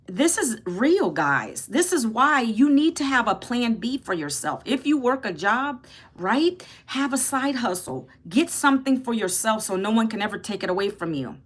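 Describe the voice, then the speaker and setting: A woman's voice: on the high side, big pitch swings, normal speed. A woman in her fifties from Northern Virginia, hosting a casual livestream, chatting with viewers and answering their comments. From Northern Virginia, United States. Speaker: livestream host. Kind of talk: casual livestream talk, reading chat.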